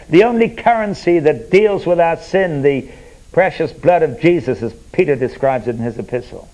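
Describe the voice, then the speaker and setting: Guy preaching a sermon, kinda high voice, chatty stories, gets loud on big points then goes quiet. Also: poor audio. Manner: conversational, illustrates with everyday stories; rises to emphatic points, then drops quiet and earnest.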